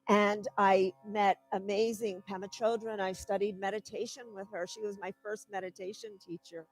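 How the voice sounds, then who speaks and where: A woman's voice: medium pitch, flat delivery, normal speed, soft background music, rough recording. A woman giving a spiritual talk, telling a personal story in an earnest, heartfelt way. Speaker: guest speaker.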